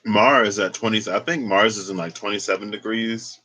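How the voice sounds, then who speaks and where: A man's voice: on the low side, steady tone, normal speed, pushed and bright, poor audio. A man doing a casual, rambling tarot reading vlog, chatty and unsure of himself, feeling emotional and close to tears. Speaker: tarot reader.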